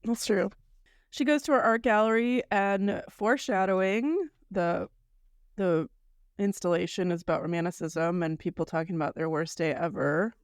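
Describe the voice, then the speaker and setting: A woman in her thirties from the United States, co-hosting a casual podcast and retelling a story with lively acted-out asides. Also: fairly low pitch, normal speed, smooth, no echo, studio quality. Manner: animated storyteller, acts out quoted lines. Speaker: podcast co-host.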